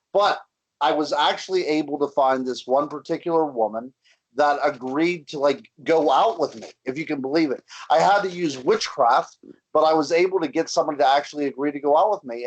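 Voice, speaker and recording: A man's voice: on the high side, dull audio. A man guesting on a radio show over a video call, joking and self-deprecating. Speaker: guest researcher. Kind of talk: casual interview chat.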